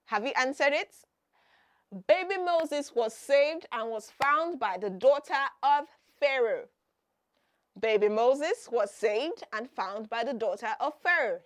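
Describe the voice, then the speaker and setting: A woman with a high voice hosts a Bible lesson for children. She quizzes her young listeners, answers her own questions and stresses each point by repeating it. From Nigeria. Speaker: children's Bible program host.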